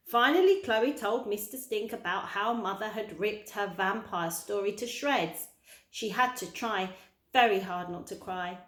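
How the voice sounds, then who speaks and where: A woman's voice: mid-range voice, unhurried. A woman who works with young children, reading a chapter book aloud expressively, in a roomy-sounding recording. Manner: expressive storytelling. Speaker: early years practitioner reading a story. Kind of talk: children's audiobook read-aloud. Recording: roomy echo.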